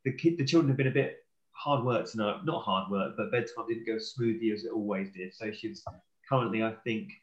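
A man's voice: on the low side, brisk, muffled recording. Rambling man hosting in an echoey room. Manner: friendly, rambling, self-correcting. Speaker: church live stream host. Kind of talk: casual live-stream hosting.

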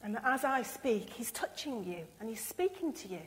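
Her voice fairly high and sing-song at a moderate pace, an Englishwoman preaches a sincere, moving sermon and performs the imagined words of others. The church's long reverb hangs around every line.

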